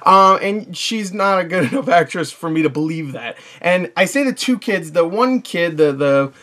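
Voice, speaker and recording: A man's voice: high voice, expressive, normal speed, sharp tone. Man, movie reviewer, casual spoken review, rambling, chatty, fillers and restarts, blunt, informal. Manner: blunt and informal, with occasional swearing.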